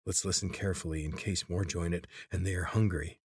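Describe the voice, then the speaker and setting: A man voicing a wary, weary grown male traveler in a storybook reading, talking low and guarded. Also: steady tone, brisk, vocal fry, slightly rough, no room sound, full character voice.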